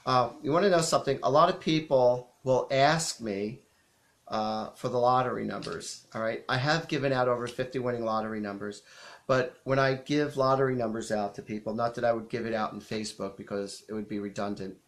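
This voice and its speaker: A man hosting a live psychic show, chatty and animated as he tells stories and acts out quotes, a bit sniffly from allergies. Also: medium pitch, brisk. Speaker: psychic medium host. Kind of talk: casual live-stream storytelling.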